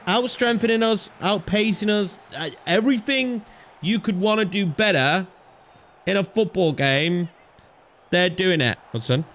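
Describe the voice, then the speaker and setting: Young male gaming creator, higher voice, casual running commentary with bursts of frantic pleading. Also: slight background noise. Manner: chatty, swings from calm to frantic pleading. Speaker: gaming YouTuber. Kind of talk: live gameplay commentary.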